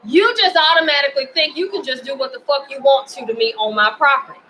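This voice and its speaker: A woman's voice: high voice, fast talker, sharp tone, slight background noise, low-quality recording. Heated, profane Memphis woman ranting. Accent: Memphis, Tennessee. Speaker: vlogger. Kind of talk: angry personal rant to camera.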